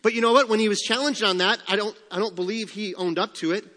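A man's voice: sits high, steady tone, fast talker, sharp tone, long reverb tail. A man preaching a sermon in a conversational way, posing rhetorical questions and slipping in humorous asides. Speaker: pastor.

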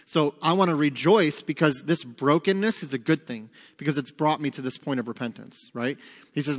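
A man teaches Scripture in a hall, talking fast in a mid-range voice. As a Bible teacher running an interactive study, he puts questions to the class and then gives the answers.

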